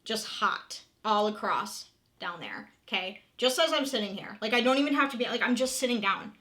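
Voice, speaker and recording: A woman's voice: on the high side, expressive, moderate pace, bright, forceful tone. A woman in her thirties talking candidly in a casual confessional vlog, emotional and open, swearing freely and filling her talk with "like". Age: 30s. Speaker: vlogger.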